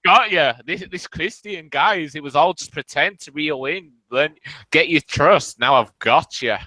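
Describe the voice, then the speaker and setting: Guy ribbing his buddy on voice chat, bright punchy voice, dry sound, keeps grilling him. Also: on the high side, unhurried, no echo. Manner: mocking, interrogating, laughing. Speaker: voice chat participant. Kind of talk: teasing voice chat banter.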